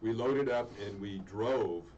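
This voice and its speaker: A middle-aged man talking in a relaxed, rambling way as a guest in casual chat, full of fillers. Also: lowish voice, slow. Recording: distant dull mic with faint noise.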